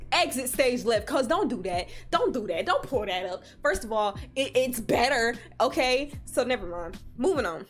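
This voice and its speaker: A young woman with a fairly high voice tells a casual storytime for her vlog. She is animated and swears freely, and her voice leaps up high when she acts out scenes. Faint music plays under her. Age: young adult. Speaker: vlogger.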